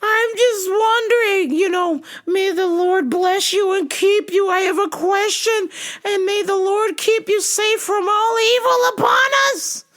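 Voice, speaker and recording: A woman voicing an eccentric, preachy older woman caller who speaks in slow, sing-song blessings in a shrill, quavering voice. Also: a bit bright. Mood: preachy, pleading.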